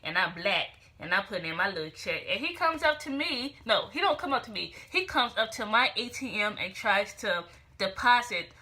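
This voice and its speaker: A young woman vlogger telling a story in a casual, animated, expressive way, with emphatic retorts. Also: medium pitch, normal speed.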